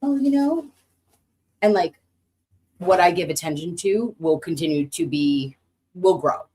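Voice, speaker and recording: An American woman streaming casually to her chat, animated, cursing freely, and swinging up high when excited. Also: a little slow. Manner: animated, swearing, talks to chat.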